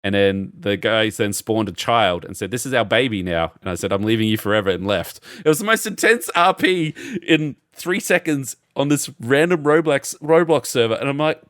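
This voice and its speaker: A man's voice: mid-range voice, normal speed, few pauses, no room sound, studio quality. A man co-hosting a podcast, telling stories in casual chat, swearing a lot and acting out the quotes. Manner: animated storyteller, acts out quotes, swears a lot. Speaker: podcast co-host.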